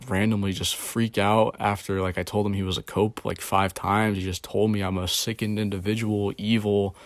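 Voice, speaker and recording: A man's voice: on the low side, no echo. A man vlogging in a rambling, casual rant, swearing often and sounding confused and exasperated. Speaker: video blogger.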